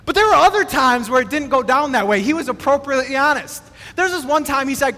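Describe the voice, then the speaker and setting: A man from Wisconsin preaching a sermon as pastor, in an animated, conversational way. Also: extremely high pitch, fast. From Wisconsin, USA. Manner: animated, conversational, acts out quotes. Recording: long reverb from a large hall.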